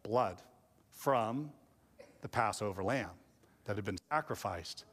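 Animated pastor, man, in echoing hall. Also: fairly low pitch, slow pace. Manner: animated storytelling, mimics kids and parents. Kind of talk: sermon. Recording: long hall reverb.

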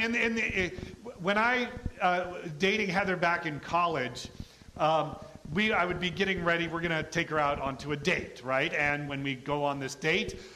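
A middle-aged man preaching a sermon in a lively, conversational way, often acting out quoted voices. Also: on the high side, a little hiss or hum. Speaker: pastor.

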